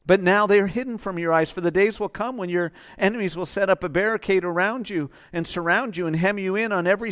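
High-voiced impassioned man preaching. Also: clear, resonant tone. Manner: impassioned, swings from loud urging to soft near-whispers. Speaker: pastor. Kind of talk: sermon.

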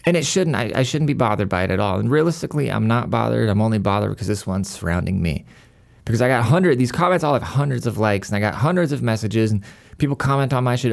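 Guy with a gravelly voice ranting into his podcast mic, swears a lot, trips over his words. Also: mid-range voice, animated, fast talker. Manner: worked-up, profane, stumbling restarts. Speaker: podcast host.

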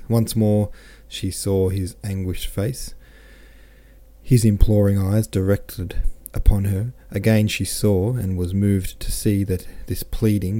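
A man hosting a podcast, reading a novel aloud with relaxed, chatty asides. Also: deep voice. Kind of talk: casual commentary and audiobook reading.

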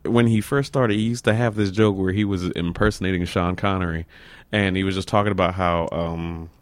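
A man's voice: low-pitched, steady tone, fairly quick, dry recording. A man, a comedian chatting casually among friends, rambling through stories and laughing as he goes. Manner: rambling, laughs mid-story. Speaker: comedian and show promoter. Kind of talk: casual banter between comedians.

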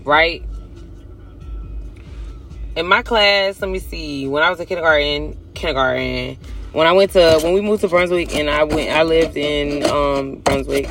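A man's voice: fairly high pitch, moderate pace, background noise. A man talking casually to his viewers in a blunt, profane, emphatic confessional monologue. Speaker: vlogger.

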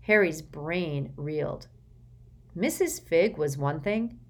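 Low-voiced woman reading a story. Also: lively intonation, slow. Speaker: audiobook narrator. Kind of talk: scripted narration.

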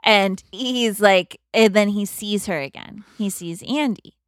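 Female podcast co-host, middle pitch, animated storyteller who acts out quotes, dry close sound. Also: measured pace, dry recording. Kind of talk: casual comedic movie recap.

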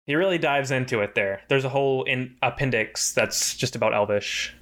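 A man with a bright, forceful voice chats on a podcast at a mid pitch. He talks eagerly and explains things at length, laughing along with his friends. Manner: enthusiastic, quick, explains at length. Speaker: podcast co-host. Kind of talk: casual chat.

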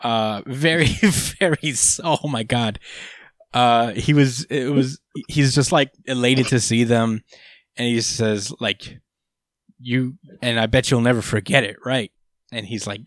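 A man's voice: mid-range voice, a little slow, dry recording, clean studio sound. Man retelling a comic chapter. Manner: rambling, filler-heavy retelling. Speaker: podcast co-host. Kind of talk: casual chat recapping a manga chapter.

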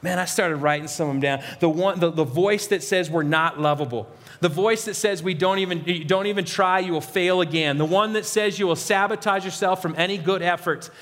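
A man's voice: high-pitched, brisk, fairly bright tone, in a large hall. A man preaching a sermon as a pastor, earnest and emphatic.

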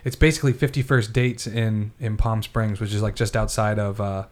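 A man's voice: lowish voice, fairly even intonation, normal speed, a little mellow. Man hosting a loose podcast chat. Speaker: podcast host. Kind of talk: casual chat.

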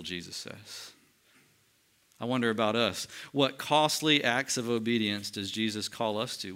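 A male pastor preaching a sermon in an earnest tone, slowing down and dropping quiet for emphasis. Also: medium pitch.

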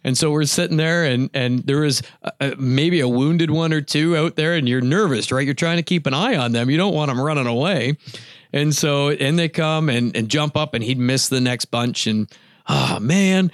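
Male guest, chatty storyteller, slightly high voice, dry close sound. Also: normal speed, dry recording. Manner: animated storytelling, acts out quotes, laughs often. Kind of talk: casual chat.

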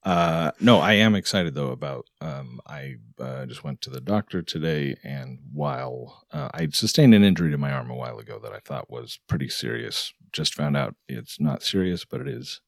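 A man's voice: rumbling low, expressive, normal speed, gravelly, hardly any pauses, dry recording, studio quality. A man co-hosting a casual podcast who jokes about himself and laughs often. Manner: joking, self-deprecating, laughs often. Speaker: podcast co-host and producer. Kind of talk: casual chat.

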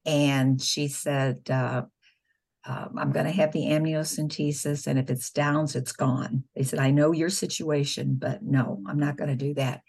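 A woman's voice: deep voice, little pitch movement, measured pace, gravelly, darkish tone, husky. A middle-aged woman, a nurse and spokeswoman, telling patient stories earnestly in an interview, acting out the dialogue. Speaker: nurse and pro-life spokeswoman. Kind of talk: conversational interview storytelling.

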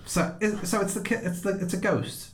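A man's voice: high voice, normal speed, echoey room. A man hosting a horror podcast, chatty and laughing easily as he introduces the episode. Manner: chatty, laughing, self-deprecating. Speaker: podcast host. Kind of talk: casual podcast chat.

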